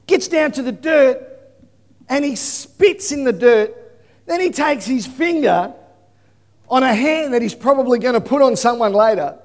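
Man, sermon, animated storytelling, very high voice, long hall reverb. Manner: animated storytelling, bursts into shouting. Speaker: preacher.

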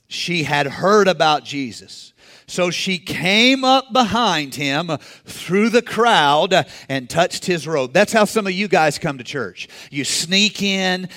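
A man preaching a sermon in a conversational way, rising to shouts and acting out the people in the story. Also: a little high. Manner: acts out quoted characters in the story. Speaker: pastor.

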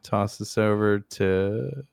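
A man's voice: fairly low pitch, takes it slowly, vocal fry, a little mellow, clear, resonant tone, dry recording, soft background music. A man with a New Jersey accent running a tabletop game as game master, chatty and laughing, with lots of fillers.

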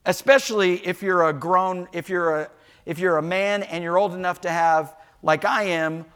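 A man's voice: high-pitched, moderate pace, clean tone. An older man, a pastor preaching a sermon in church, telling homespun stories and joking with the congregation. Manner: animated storytelling with asides to the congregation. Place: church sanctuary.

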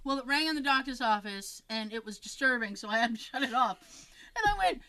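A woman telling a story in a casual chat, animated and acting out the voices of the people in it, with frequent fillers and restarts. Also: high-pitched, a little fast, rough recording. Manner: animated, acts out quoted voices.

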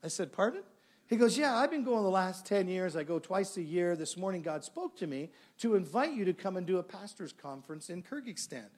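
A man's voice: sits high, fairly quick, few pauses. A middle-aged male pastor preaching a sermon, telling a story and acting out the dialogue. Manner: animated storyteller, acts out dialogue.

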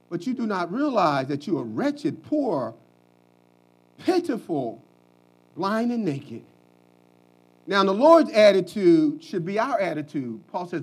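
High-voiced preacher guy, husky, all over the place in pitch, hushed one sec and yelling the next. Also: normal speed. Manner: animated, swings from hushed to shouting, folksy. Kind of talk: sermon.

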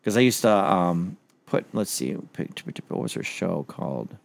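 A man in casual podcast chat, halting and searching for words. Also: low voice, expressive, gravelly, no echo. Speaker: podcast co-host.

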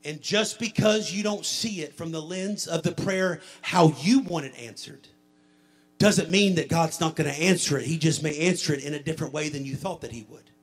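A male pastor preaching a sermon and leading an altar prayer, swelling into a chanted, shouted preaching cadence. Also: a little high, moderate pace. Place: church sanctuary.

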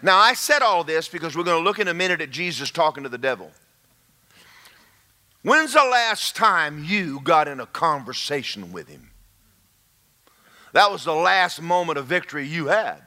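Male pastor, lively preaching delivery, bright and forceful, slightly high. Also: moderate pace, long pauses. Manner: animated, emphatic, calls out to the congregation. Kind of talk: sermon.

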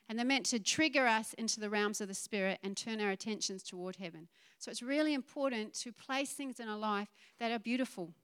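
A woman giving a chatty, lively sermon, laughing and acting out quoted voices. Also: on the high side, smooth. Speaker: pastor.

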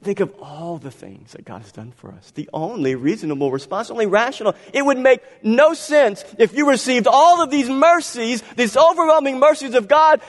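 A man preaching a sermon as pastor, swinging between quiet, drawn-out lines and loud, pressing ones. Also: very high-pitched, animated. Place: church sanctuary. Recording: long hall reverb.

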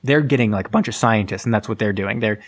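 A podcast host with a fairly low-pitched voice speaks fast as he casually recaps a film's plot. His retelling rambles and is heavy with filler.

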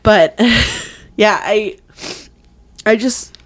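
A woman's voice: mid-range voice, animated, normal speed. A young woman co-hosting a casual podcast chat, emotional and crying, laughing through her tears. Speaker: podcast co-host.

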